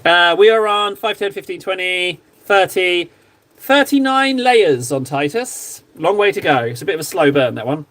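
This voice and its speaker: A man's voice: high voice, expressive, normal speed. Playful man chatting while painting. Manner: playful, jokey, mock-shouts insults at viewers. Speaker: streamer painting miniatures. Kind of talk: casual live-stream chat.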